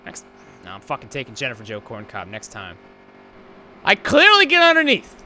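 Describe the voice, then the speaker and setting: A man's voice: mid-range voice, huge pitch swings, normal speed, long pauses, sharp tone. A man hosting a gaming channel, commenting live on a racing game in a frustrated, profane rant. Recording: race car engine noise behind. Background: racing game engine sounds.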